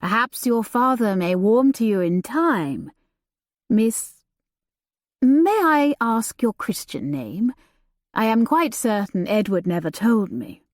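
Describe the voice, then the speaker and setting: A woman voicing a grieving older earl who speaks softly, slowly and earnestly. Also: a little high, very animated, no echo, studio quality. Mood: gentle. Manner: soft, slow and solicitous.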